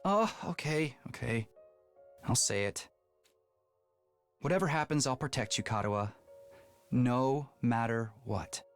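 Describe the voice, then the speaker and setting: An actress voicing an earnest, apologetic young character in a video game, pleading and flustered. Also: female voice, extremely low pitch, measured pace, pauses often. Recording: game audio with faint music.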